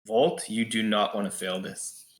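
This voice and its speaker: A man narrating a tabletop game as game master, slow and drawn out in his descriptions. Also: on the low side, steady tone, echoey room.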